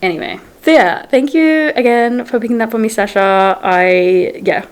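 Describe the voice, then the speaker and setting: A woman's voice: on the high side, normal speed, clear, resonant tone. A young adult woman vlogging casual book-review chat, retelling scenes in quotes and saying "like" often.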